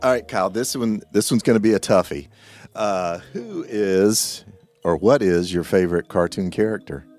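Lively low-voiced podcast co-host man. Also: moderate pace, faint music behind. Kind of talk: casual chat.

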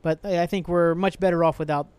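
Recorded dry, a young man hosting a solo podcast speaks fast in a fairly high, fairly even voice with a slightly mellow, clear, resonant tone. He delivers an angry, profane, meandering rant full of sighs and restarts.

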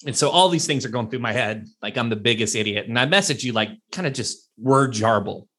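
A man hosting a podcast, chatting and telling stories in an animated way. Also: mid-range voice, brisk, slightly rough. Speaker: podcast host; CEO, business owner. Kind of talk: conversational podcast interview.

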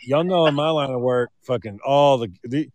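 A man's voice: medium pitch, moderate pace, darkish tone, no echo. Profane man telling crude stories. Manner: profane, storytelling. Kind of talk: casual chat.

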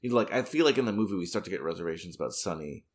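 A man co-hosting a podcast, chatting casually in a measured, thoughtful way. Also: sits low, lively intonation. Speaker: podcast co-host. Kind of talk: casual chat.

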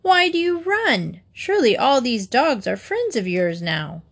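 A woman's voice: on the high side, a little slow, pitched above the performer's own voice, full character voice. A woman doing a wise old teasing rooster. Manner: calm, mock-innocent. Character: wise old male rooster, calm and clever.

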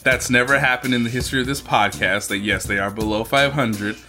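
A male podcast co-host in casual sports chat, hesitant with stumbles and repeated words, then quick bursts. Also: mid-range voice, pushed and bright, faint music behind.

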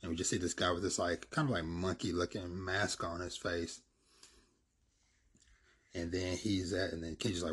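Deep, husky man retelling a comic. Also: fairly even intonation, moderate pace, long pauses, a bit bright. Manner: rambling, filler-heavy.

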